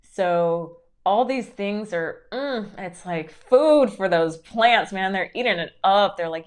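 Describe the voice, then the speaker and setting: A woman's voice: medium pitch, slow, few pauses. A young woman doing a casual live-stream tarot reading, gushing and encouraging, full of fillers and frequent giggles.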